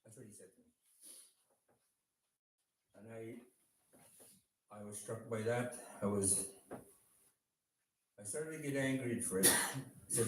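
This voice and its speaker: A man giving a heartfelt church testimony, slowly telling a story and acting out the dialogue in it. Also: lowish voice, darkish tone, a little hiss or hum. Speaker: speaker sharing testimony. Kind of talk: sermon testimony. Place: church hall. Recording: echoey church room, distant mic.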